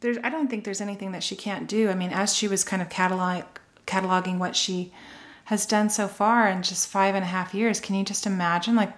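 A woman's voice: medium pitch, fairly even intonation, brisk. A woman hosting a podcast in casual chat, effusive and chatty, often saying "like". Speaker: podcast host.

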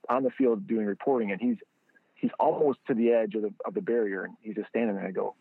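A gravelly-voiced man who founded a football training product tells an animated story as a guest in a casual interview. He talks fast, acting out quotes in a higher voice, over tinny phone-line audio with no echo.

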